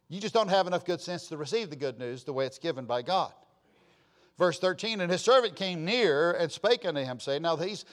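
A man preaching a sermon in a folksy way, repeating phrases for emphasis, with sudden loud bursts and quiet asides. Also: a little high. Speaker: pastor.

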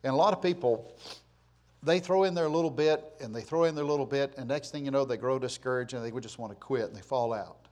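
A man with a medium-pitched voice preaches a sermon at a fast clip, reading scripture loudly and emphatically before dropping into quiet, plainspoken asides.

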